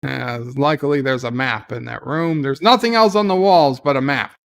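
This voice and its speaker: A man's voice: medium pitch, moderate pace, gravelly, clean tone. A man hosting a casual live watch-along, retelling the scenes loosely with many "uh" and "like" fillers and answering viewer chat in passing. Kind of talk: casual live episode commentary.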